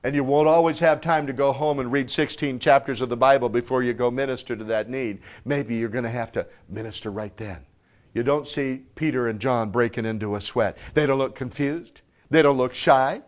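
A pastor preaches to a live congregation at a moderate pace, firing off rhetorical questions. His delivery swings between loud, emphatic bursts and hushed, low tones.

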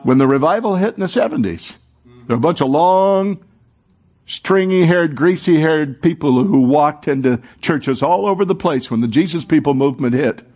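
A man's voice: a little high, lively intonation, moderate pace, darkish tone, husky. A man preaching a sermon as pastor, calling on the congregation to answer and repeat after him. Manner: preaching, calls for congregation responses. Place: church sanctuary.

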